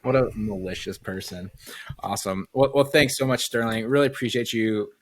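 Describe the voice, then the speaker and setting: Low-voiced male podcast host. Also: moderate pace. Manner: friendly, thanks guest. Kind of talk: casual interview chat.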